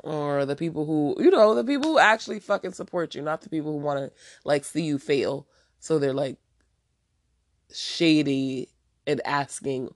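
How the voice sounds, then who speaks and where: A woman's voice: low-pitched, moderate pace, creaky, no echo. Woman, podcast host, stuffy nose, blunt slangy rant, dry room. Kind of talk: casual solo podcast rant.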